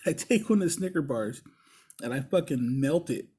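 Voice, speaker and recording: Guy telling a crude funny story, kinda raspy, voice sits a bit high, yells when he quotes people. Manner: heavy swearing, laughs while telling; shouts in mock-angry voices for quoted people. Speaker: podcast host. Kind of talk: casual storytelling.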